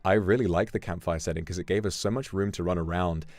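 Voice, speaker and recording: A man streamer chatting casually, telling an animated story with sudden jumps in pitch. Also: fast, no echo. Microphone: streaming microphone. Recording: dry close mic, faint music behind.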